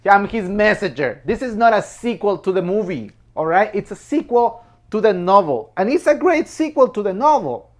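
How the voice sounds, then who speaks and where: A man's voice: sits high, very animated, moderate pace. Emphatic man reviewing a movie. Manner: emphatic, apologetic asides, repeats phrases, laughs between points. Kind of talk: casual opinionated film commentary.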